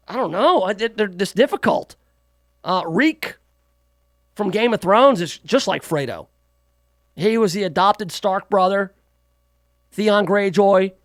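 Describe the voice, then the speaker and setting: A man's voice: high voice, dry recording, clean studio sound. A man hosting a talk radio show, giving sarcastic, mocking political commentary.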